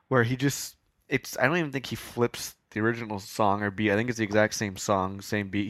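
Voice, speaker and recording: Chatty low-voiced Canadian man. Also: fairly bright tone, no echo. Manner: chatty, rambling, self-mocking. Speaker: podcast host. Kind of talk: casual podcast talk about music.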